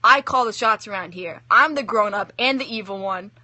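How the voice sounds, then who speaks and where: Figure: a woman doing a grumpy male grim reaper for a read-aloud story, snappish and flustered, bright voice, dry sound. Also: medium pitch, normal speed, dry recording. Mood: irritated. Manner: exasperated, snappish, easily flustered.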